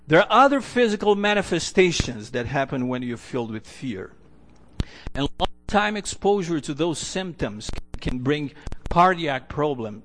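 A man preaching a sermon in an earnest, storytelling way, often restarting his phrases. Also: a little high. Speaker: pastor.

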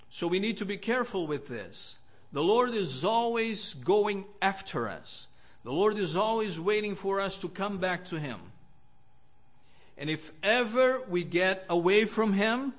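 A man preaching a sermon in an earnest, measured way, with pauses between phrases. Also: sits high, fairly bright tone.

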